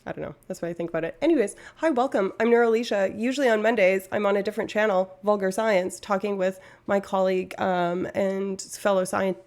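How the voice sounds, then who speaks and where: A woman's voice: mid-range voice, steady tone, brisk, few pauses, a little mellow. A young woman from Canada chatting casually on a live stream, rambling and interrupting herself.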